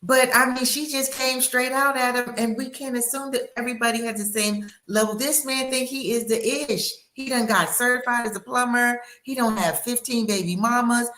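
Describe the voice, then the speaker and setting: A woman's voice: a little high, fairly even intonation, moderate pace, few pauses, sharp tone, a little hiss or hum. Playful, colloquial woman in an echoey room. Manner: colloquial, playful, acts out quotes. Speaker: panelist. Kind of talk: panel discussion.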